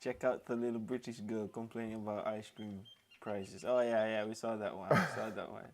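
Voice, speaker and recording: A man's voice: on the low side, level tone, a little fast, darkish tone. A man co-hosting a live stream, chiming in with short, laid-back remarks in casual chat. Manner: brief, laid-back interjections. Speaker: co-host of a live talk stream.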